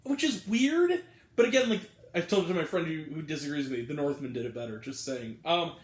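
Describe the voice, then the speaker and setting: A man's voice: on the high side, lively intonation, brisk, roomy sound. A man giving a casual, exasperated spoken film review, rambling with lots of fillers. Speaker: movie reviewer.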